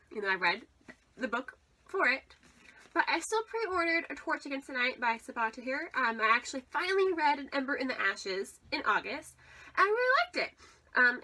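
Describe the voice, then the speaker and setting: Bright, chatty young woman vlogger. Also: high voice. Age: young adult. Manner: chatty, rambling, with frequent "like" and "um". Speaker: book vlogger. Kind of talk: casual vlog chat.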